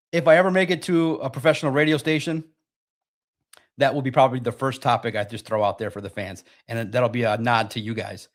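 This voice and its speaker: A man hosting a live-stream sports talk show, reading chat and talking in an animated, sarcastic, rambling way. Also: mid-range voice, brisk.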